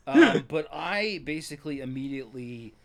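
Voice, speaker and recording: A man co-hosting a podcast, recapping a film in casual, crude, deadpan jokes. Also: a little high, fairly quick. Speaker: podcast co-host. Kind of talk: casual movie-review chat.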